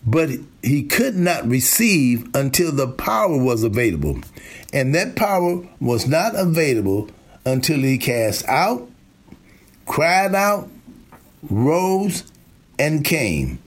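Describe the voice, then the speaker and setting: A man preaching a sermon, slow and emphatic, repeating key lines for effect. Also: a little high.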